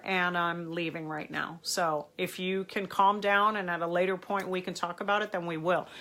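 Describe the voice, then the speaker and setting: Bright-voiced woman giving live advice. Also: fairly high pitch. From United States. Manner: animated, emphatic, talks straight to viewers. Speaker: host. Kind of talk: live-stream advice talk.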